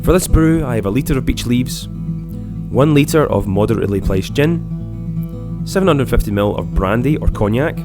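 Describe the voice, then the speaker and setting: Guy calmly reading out recipe steps, voice-over, loud guitar music playing under it. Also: mid-range voice, normal speed. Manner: calm, steady instructions. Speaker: host. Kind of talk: scripted voice-over narration.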